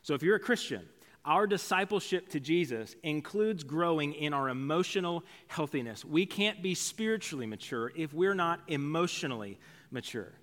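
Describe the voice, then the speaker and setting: A man's voice: fairly high pitch, expressive, normal speed, a bit bright. A male pastor preaching a sermon in a conversational, storytelling way, with casual asides. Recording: long hall reverb.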